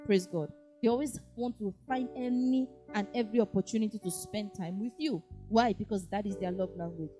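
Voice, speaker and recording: A woman preaching in a lively way, acting out little dialogues and often saying "praise God". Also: mid-range voice, fairly quick, faint music behind. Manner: animated, acts out dialogue, frequent "praise God". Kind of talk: lively sermon teaching.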